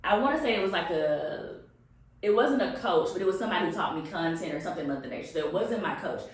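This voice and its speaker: A woman's voice: on the low side, lively intonation, fast. A woman hosting a video podcast in an office, effusive and rambling as she introduces and chats with a guest. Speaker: podcast host. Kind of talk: enthusiastic interview chat. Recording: echoey office room.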